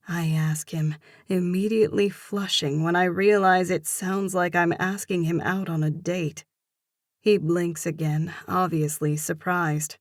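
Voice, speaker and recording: A woman narrating a romance novel in first person with steady storytelling. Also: fairly low pitch, measured pace, no echo, studio quality. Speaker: audiobook narrator.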